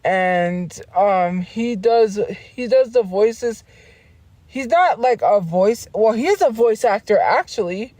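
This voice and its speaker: A woman chats on her livestream in a slow, meandering way, laughing often and doubling back on her words. Her voice is mellow and soft-edged, captured dry and close with no room around it. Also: mid-range voice, lively intonation, no room sound. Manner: rambling, laughing, trails off and restarts. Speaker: streamer. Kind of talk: casual livestream chat.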